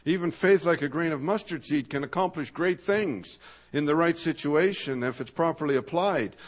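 A man preaching a sermon in a thoughtful, searching way, slowing down to stress key words and asking rhetorical questions. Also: fairly high pitch. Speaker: pastor.

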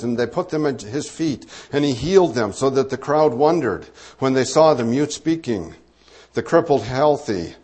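Man, Bible teacher, medium pitch, conversational sermon, asides and fillers. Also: darkish tone. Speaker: preacher.

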